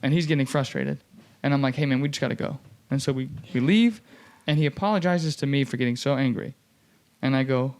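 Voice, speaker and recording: Speaking briskly at medium pitch, a young male podcast host relates a story in relaxed conversation. He impersonates the people he's quoting, stays animated, and leans heavily on fillers such as "like."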